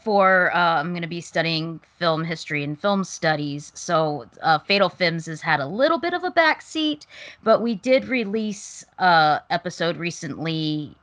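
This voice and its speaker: Young woman podcast guest, bright and forward tone, relaxed and chatty. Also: lowish voice, unhurried. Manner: relaxed, chatty, with soft fillers. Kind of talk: casual podcast chat.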